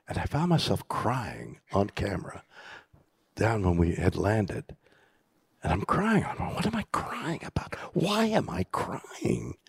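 An older man speaking as keynote guest, telling a story to a live audience with a dramatic, halting delivery and hushed asides. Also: on the low side, gravelly, breathy edge, no room sound, clean studio sound. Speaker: keynote guest in a stage conversation. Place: conference stage.

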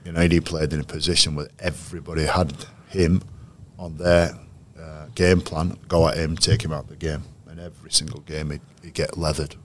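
Male coach, very deep voice, measured storyteller, lots of restarts. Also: flat delivery, a little hiss or hum. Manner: anecdotal, measured, with frequent restarts. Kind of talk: interview storytelling.

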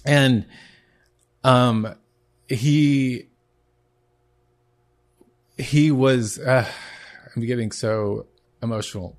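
A man of middle pitch tells his own story as a podcast host. He speaks earnestly and haltingly, starting over mid-sentence as he searches for words, in a plain personal testimony. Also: fairly even intonation. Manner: earnest, halting, many restarts.

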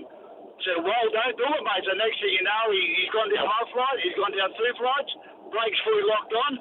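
A man with an Australian accent calling in to a radio show, telling a rambling, excited story. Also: high-pitched, moderate pace. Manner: rambling, excited yarn-spinner. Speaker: caller. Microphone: telephone. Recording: tinny noisy phone line.

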